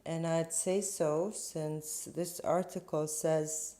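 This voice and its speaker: Slow, low-voiced woman tarot host. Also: fairly even intonation. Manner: slow, rambling, with soft laughs and restarts. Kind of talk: casual spiritual talk to camera.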